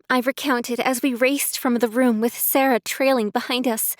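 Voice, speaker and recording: A woman narrating a first-person audiobook in a measured way, close to the mic. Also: a little high, steady tone, no echo.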